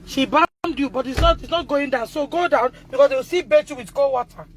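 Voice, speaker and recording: A Nigerian woman speaking on a phone livestream, distressed and loud, re-enacting conversations as a mother. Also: high voice, fairly quick. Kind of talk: emotional livestream testimony.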